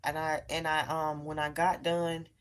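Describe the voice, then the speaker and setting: A woman with a low, deep voice talks to her live-stream viewers from home. She tells her story in an emphatic, animated way and calls her audience y'all. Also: normal speed, clear, resonant tone. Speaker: live-streamer and tarot reader.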